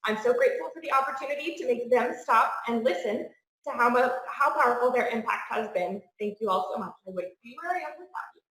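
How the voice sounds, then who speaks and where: A woman's voice: a little high, animated, fast talker, a bit bright, a little hiss or hum. A young woman in her twenties reading a heartfelt graduation tribute to family and partner. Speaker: graduating student. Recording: echoey room.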